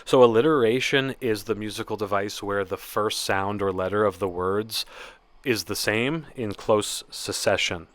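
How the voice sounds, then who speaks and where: A man giving a casual spoken poetry lesson, explaining in a relaxed way with occasional fillers. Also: on the low side, unhurried. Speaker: poetry teacher.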